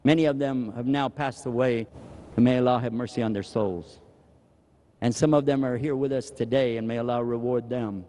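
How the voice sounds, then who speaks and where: Animated male preacher in an echoing hall. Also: mid-range voice, moderate pace. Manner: animated, humorous, acts out dialogue. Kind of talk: sermon. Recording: echoey hall reverb.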